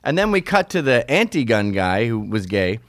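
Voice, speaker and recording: A man's voice: mid-range voice, big pitch swings, normal speed, no room sound, studio quality. A man hosting a casual, opinionated chat, talking sarcastically and acting out mocking quotes. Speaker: podcast host.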